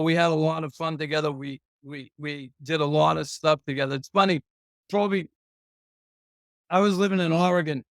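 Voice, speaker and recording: Guy with a higher voice telling rambly salty stories, dry close sound. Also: no room sound. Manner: rambling anecdotes, profane, chuckling. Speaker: guest, retired pro hockey player. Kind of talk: casual storytelling interview.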